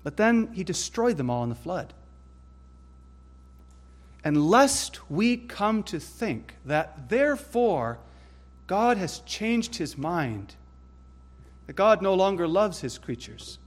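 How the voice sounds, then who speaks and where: Male preacher, slightly high voice, emphatic and deliberate sermon delivery. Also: big pitch swings. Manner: emphatic, deliberate preaching with rising stress on lists.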